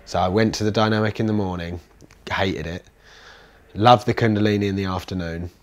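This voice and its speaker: A man in a casual interview, telling a personal story in a rambling, animated way with many fillers and restarts. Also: low voice, fairly quick. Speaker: interviewee, commune resident.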